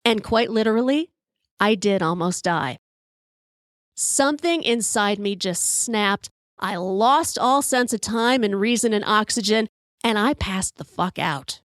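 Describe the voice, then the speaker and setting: A woman in her fifties hosting a podcast, telling a story in an animated, profane way and acting out the quotes. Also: medium pitch, measured pace, no room sound, studio quality. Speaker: podcast host. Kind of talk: storytelling monologue.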